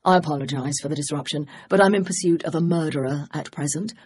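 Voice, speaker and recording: A narrator voicing a jovial, blustering male police inspector who speaks in a mocking, booming way. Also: quick pace, breathy edge, close to an everyday voice.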